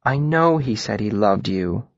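A calm young woman in a storybook, speaking low and gentle in a soothing, matter-of-fact way, as a male reader puts her on. Her voice comes across soft and a little muffled on a dry, dull recording. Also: moderate pace, slightly rough, dry recording.

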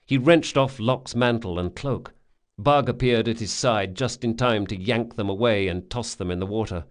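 A man's voice: on the low side, clear, resonant tone. Man narrating a fantasy audiobook. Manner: steady, measured storytelling. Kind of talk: scripted narration.

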